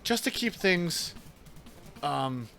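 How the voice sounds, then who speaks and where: A man's voice: a little high, very animated, drawn-out words, gravelly, a bit bright, soft background music. A man from New York with an Italian-American New York accent, chatting casually and laughing while streaming a game. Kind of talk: casual chat while gaming.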